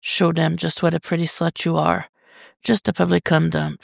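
A reader voicing a dominant but tender adult male lover in an audio story, speaking low and coaxing. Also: flat delivery, moderate pace, vocal fry, no echo, clean studio sound. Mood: dark, coaxing.

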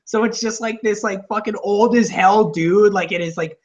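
A man co-hosting a podcast, chatting casually in a rambling, profane way and acting out loud shouted quotes. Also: high-pitched, normal speed, dull audio. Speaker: podcast co-host. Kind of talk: casual comedic chat. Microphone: on camera, seated.

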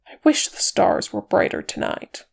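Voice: normal speed, natural voice. A reader doing Legolas, a solemn elf scout. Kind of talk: audiobook character reading.

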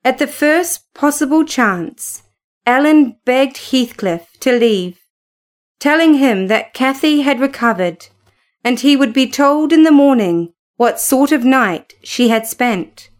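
A woman reading a classic story aloud in a steady, measured way. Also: sits high. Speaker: narrator.

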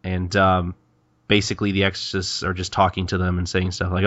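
Man, podcast co-host, chatty recap, stumbling, bright forceful voice, lo-fi sound. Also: sits low, monotone, a little fast, no room sound. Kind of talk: casual chat retelling a manga chapter.

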